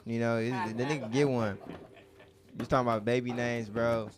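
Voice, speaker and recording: A man's voice: mid-range voice, fairly even intonation, normal speed, background noise. A man hosting an open mic, doing loose, slangy stand-up banter and laughing between bits. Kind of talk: stand-up comedy, casual slang. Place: small comedy club stage.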